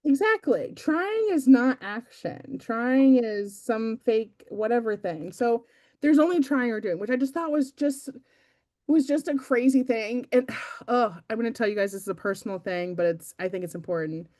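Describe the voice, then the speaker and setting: This team meeting speaker is a young adult woman whose voice is a little high and darkish, delivered at a moderate pace. Her motivational talk to the team is loose and chatty, self-deprecating, and packed with filler words.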